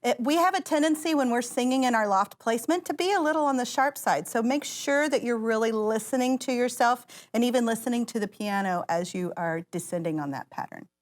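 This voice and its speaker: A woman's voice: on the high side, fairly quick, few pauses. A woman vocal coach, giving an encouraging voice lesson and guiding singers through exercises. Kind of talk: voice lesson instruction. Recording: loud piano music behind the voice. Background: piano.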